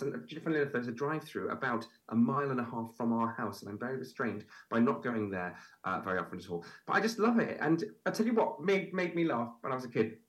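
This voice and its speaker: Lively, animated male guest. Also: fairly high pitch. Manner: chatty storyteller, lively, hesitant fillers. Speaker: guest, food festival presenter. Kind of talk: casual interview chat.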